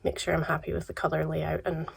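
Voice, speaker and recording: A Scottish woman vlogging casually about yarn and advent calendars, her voice croaky from a cold, relaxed and chatty with soft trailing asides. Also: deep voice, fast. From Scotland. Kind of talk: casual chat to camera.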